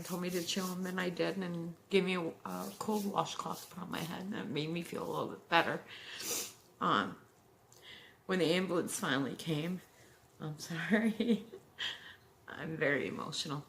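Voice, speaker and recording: Low-voiced emotional woman in her forties. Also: flat delivery, gravelly, fairly bright tone, slight background noise. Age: 40s. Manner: halting, emotional, many fillers and restarts. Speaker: heart attack survivor telling her story. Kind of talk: personal storytelling to camera.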